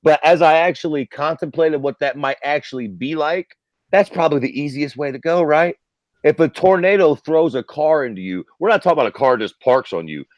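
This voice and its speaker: A podcast co-host from Ohio, USA, a man in his thirties, chats casually and profanely, telling stories and acting out quotes. His voice is fairly high, expressive and brisk, recorded with no room sound and the highs cut off.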